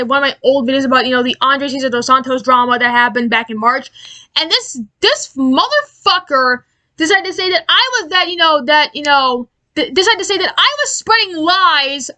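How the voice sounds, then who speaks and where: A woman giving an angry, profane commentary rant, exasperated and halting with many restarts. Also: high-pitched, sharp tone. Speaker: aviation commentary YouTuber.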